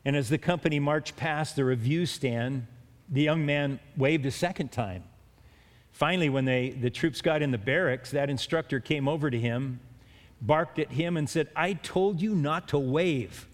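A man's voice: medium pitch, normal speed. A man preaching a sermon in an earnest way, with stumbling restarts and emphatic rises on key words. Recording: long hall reverb.

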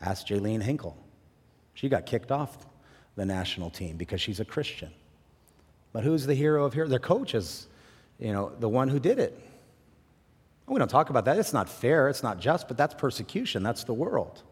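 A man pastor preaching a sermon with passion, swinging from loud, rising bursts to quiet, low drops. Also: sing-song, moderate pace, long pauses, breathy edge. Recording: long reverb in a large hall.

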